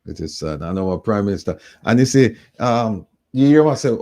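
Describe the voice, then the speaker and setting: Deep, mellow Jamaican man hosting a call-in. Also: animated, normal speed. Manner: emphatic, repeats himself. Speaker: talk show host. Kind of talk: live call-in show talk.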